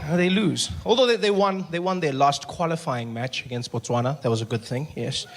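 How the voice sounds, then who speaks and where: A man doing a stand-up set, animated and slipping into put-on voices for the people in his stories. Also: on the high side, brisk. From South Africa. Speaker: stand-up comedian.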